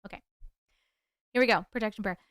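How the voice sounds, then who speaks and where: A woman's voice: mid-range voice, fast, fairly bright tone, clean tone, no room sound, studio quality. A woman hosting a casual livestream, chatting with viewers, laughing often and stumbling over hard words. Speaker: livestream host reading viewer stories.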